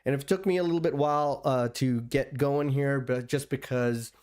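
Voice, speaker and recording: A man hosts his own livestream in a loose, rambling way, restarting sentences and filling gaps. His voice sits at an ordinary pitch and sounds smooth and clear. He speaks into a computer streaming setup. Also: steady tone, moderate pace, darkish tone. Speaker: livestream host. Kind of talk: casual livestream commentary.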